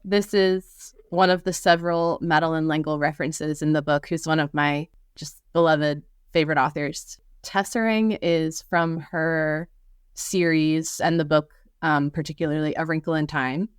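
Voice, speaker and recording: A thoughtful woman in her thirties, talking earnestly as a podcast guest and now and then reading passages from her own book. Her voice sits a little low, and it sounds dry and close, with no room around it. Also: fairly even intonation, normal speed, clear, resonant tone, no echo. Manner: reflective, earnest, with frequent fillers and restarts. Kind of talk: conversational interview and reading aloud from her book.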